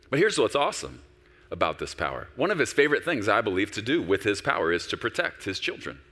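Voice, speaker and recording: Pastor preaching a sermon, man, low voice with bright edge, long church-hall echo. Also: quick pace. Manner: animated preaching, with quoted voices of God and himself.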